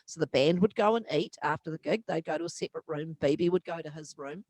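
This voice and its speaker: A woman with a New Zealand accent, a publicist and musician, telling an animated backstage anecdote as an interview guest. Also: sits low, fast, dry recording. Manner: animated, acts out voices in her stories. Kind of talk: anecdotal storytelling.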